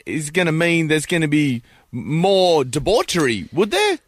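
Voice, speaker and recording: Teasing radio host, lively pitch. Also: male voice, no echo, studio quality. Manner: teasing, playful, quick to laugh. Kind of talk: breakfast radio banter.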